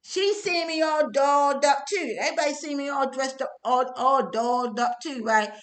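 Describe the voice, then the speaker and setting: A middle-aged woman with a noticeably high voice tells her personal story off the cuff. She rambles, stammers, swears freely and keeps checking in with tag questions. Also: moderate pace, a bit bright. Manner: rambling and profane, with many stammers, filler sounds and tag questions. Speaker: testimony speaker.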